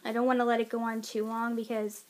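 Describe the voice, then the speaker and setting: A woman's voice: fairly high pitch, little pitch movement, fast, a little mellow. A woman with a childlike-sounding voice, chatting casually in a rambling way in a pet vlog at home, now and then scolding her pets. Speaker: pet owner vlogger.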